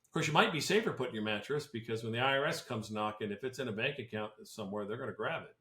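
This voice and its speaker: A man's voice: medium pitch, quick pace, pushed and bright. A man who advises on tax planning talks on a podcast in a casual, blunt and opinionated way, often restarting his sentences. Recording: roomy echo.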